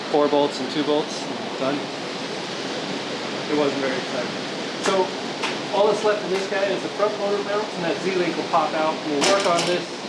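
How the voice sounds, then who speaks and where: A man's voice: on the high side, very noisy. A man chatting to the camera while working on a truck in his garage, casual and joking. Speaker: vlogger wrenching on a truck. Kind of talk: casual workshop vlog. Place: home garage or shop.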